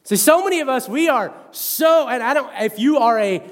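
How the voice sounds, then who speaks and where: This pastor, a man in his thirties, has a very high voice and preaches at a normal speed, his sermon animated and conversational. He drops in self-mocking asides, and the sound carries the echo of a big room.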